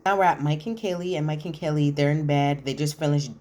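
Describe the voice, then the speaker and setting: In a deep, fast voice, a woman delivers a laid-back, opinionated rundown of a reality show. She animatedly recounts the scenes and sprinkles in slang.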